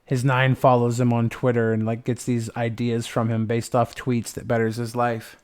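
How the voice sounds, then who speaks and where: A man's voice: medium pitch, monotone, moderate pace, smooth. A young man hosting a livestream, chatting casually in a rambling, playful way with lots of swearing. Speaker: livestream host.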